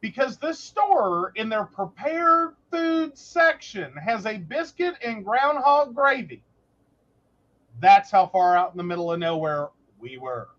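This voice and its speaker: A woman co-hosts a relaxed chat and tells stories with real animation, slipping into little voices for the people involved. Her pitch rises and falls a lot. The recording sounds muffled and lo-fi. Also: unhurried. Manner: animated, storytelling with lots of voices. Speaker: podcast co-host, psychic. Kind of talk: casual chat.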